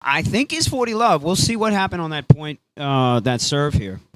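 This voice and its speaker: A man calls the match live in a loose, excitable play-by-play, switching into Spanish now and then. His voice sits a touch higher than most men's. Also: normal speed, no room sound. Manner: casual, excitable, mixes in Spanish phrases. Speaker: sports commentator.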